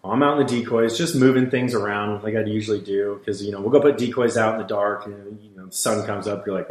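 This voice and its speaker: A man's voice: lowish voice, fairly even intonation, fast talker, hardly any pauses. A man who works as a hunting guide, telling stories bluntly in casual podcast talk, swearing freely and acting out the dialogue. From Washington State, USA. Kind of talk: casual storytelling. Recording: roomy echo.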